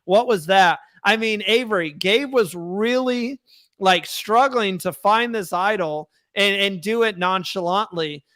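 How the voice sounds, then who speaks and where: A young man co-hosting a fan podcast, his voice high and bright. He sounds smooth and crisp, close and dry with no room sound. He chats casually and with energy. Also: a little slow, no echo. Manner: animated, reads chat comments aloud. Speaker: podcast co-host. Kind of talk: casual chat.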